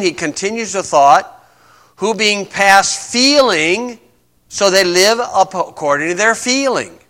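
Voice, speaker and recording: A man preaching a conversational sermon, stressing points and reading scripture slowly. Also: high voice, pushed and bright. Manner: conversational, emphatic, reads scripture aloud slowly.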